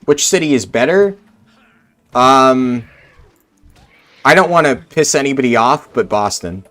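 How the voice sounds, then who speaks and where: A man's voice: medium pitch, lively intonation, measured pace, fairly bright tone. Laid-back young man streaming a game. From Central New Jersey. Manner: rambling and laid-back, many "like" fillers. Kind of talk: casual chat answering live chat.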